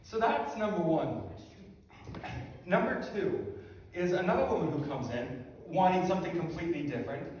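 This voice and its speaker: A man's voice: on the high side, expressive, moderate pace, darkish tone, a little hiss or hum. A male pastor preaching a sermon in a conversational, self-deprecating storytelling manner. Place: church sanctuary. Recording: echoey hall from far off.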